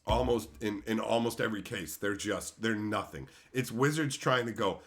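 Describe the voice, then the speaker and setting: A man hosting a casual livestream, chatting with viewers in a blunt, animated way, swearing freely and breaking into loud outbursts. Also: fairly low pitch, moderate pace, hardly any pauses. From Canada. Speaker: streamer host.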